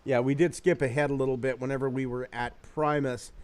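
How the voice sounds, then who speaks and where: A young man hosts a relaxed podcast chat. He wanders off topic, drops curse words without a second thought, and laughs at his own jokes. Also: mid-range voice, a crowd in the background. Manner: rambling, swears freely, quick to laugh at himself. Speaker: podcast host reading viewer comments.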